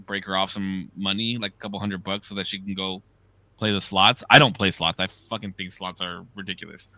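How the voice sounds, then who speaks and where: Bright-voiced man telling profane stories. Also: deep voice, a little fast, no echo. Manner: animated, profane storytelling. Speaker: podcast co-host. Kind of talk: casual chat, storytelling.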